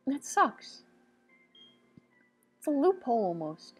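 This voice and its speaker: A woman's voice: medium pitch, lively intonation, unhurried, long pauses, soft background music. Rambling woman doing game commentary. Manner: rambling, silly, talks to herself with sudden outbursts. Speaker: let's play host.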